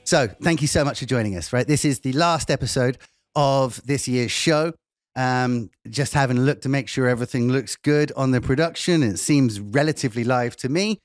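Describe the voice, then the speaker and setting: A man's voice: mid-range voice, moderate pace, no room sound. Man hosting a live show, casual and rambling, dry close sound with faint music. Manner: jokey, rambling, self-mocking. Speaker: host.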